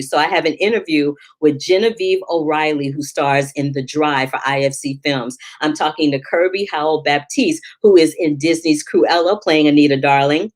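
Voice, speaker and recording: Low-voiced chatty woman film critic. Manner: chatty and animated, quick asides and laughter. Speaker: film critic and show host. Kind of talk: casual movie review vlog.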